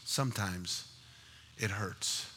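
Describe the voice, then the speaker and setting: A male pastor preaching a sermon, telling stories and acting out the voices in them, swinging from loud to hushed. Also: lowish voice, takes it slowly, long reverb tail, a little hiss or hum. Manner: storytelling, acts out voices with big swings in loudness.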